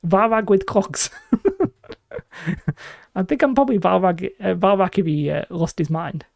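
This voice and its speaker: A man's voice: sits high, slow pace, creaky, no room sound, clean studio sound. A man from northwest England with a Lancashire accent, chatting casually on a live stream and reading out viewers' comments. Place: small room at home. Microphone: desk microphone.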